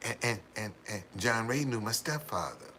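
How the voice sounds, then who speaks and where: On his livestream, a man from the United States tells a wandering story at a moderate pace, his low voice bright, animated, and forceful. Words get repeated and hearty laughter comes often, with a bit of background noise in the mix.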